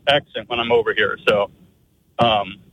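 A man's voice: fairly low pitch, moderate pace, sharp tone, breathy edge. A man from Pennsylvania calling in to a radio show, polite and teasing the host good-naturedly. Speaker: caller. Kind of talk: call-in chat. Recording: muffled phone line.

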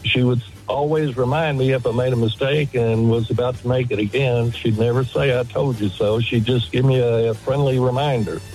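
A man's voice: mid-range voice, steady tone, moderate pace, hardly any pauses, a little mellow, soft background music, poor audio. An older man calling in to a radio show, speaking plainly and matter-of-factly. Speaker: caller. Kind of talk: phone-in call.

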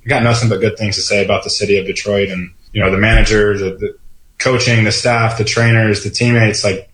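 A baseball player speaking haltingly and emotionally in an interview clip, with many fillers. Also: male voice, lowish voice, level tone, fairly bright tone, echoey room, poor audio. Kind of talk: interview soundbite.

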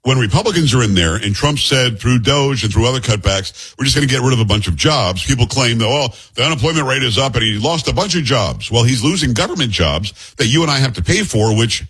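A man's voice: mid-range voice, lively intonation, a little fast, few pauses, a bit bright, husky. A man hosting a political commentary show, talking bluntly and with scorn in a conversational way. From New York area. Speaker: talk show host.

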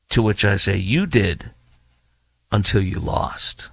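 A man's voice: on the low side, animated, takes it slowly, gravelly, breathy edge, no room sound. A man hosting opinionated political commentary, reading quotes aloud and rebutting them with mocking indignation.

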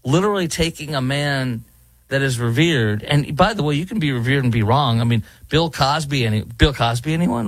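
A man's voice: medium pitch, lively intonation, moderate pace, dry recording. Brief: male talk host, fired-up rambling opinion, dry close sound. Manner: indignant, emphatic, rambling with fillers. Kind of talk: opinionated commentary.

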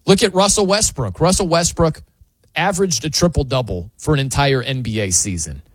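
Male sports opinion host, incredulous and animated, lively pitch, dry close sound. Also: brisk, no room sound.

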